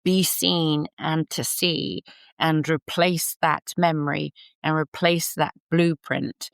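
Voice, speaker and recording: A woman with a notably low voice speaks as a podcast guest. Her delivery is earnest and heartfelt, with a spiritual warmth in her phrasing. The recording is dry and close. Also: fairly even intonation, takes it slowly, vocal fry, dry recording. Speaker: horse whisperer guest. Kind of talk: podcast interview.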